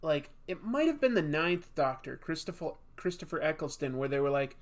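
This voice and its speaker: A man's voice: on the high side, animated, normal speed. A man hosting a casual live stream, chatting with viewers and laughing at himself a lot. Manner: chatty, self-deprecating, laughs often.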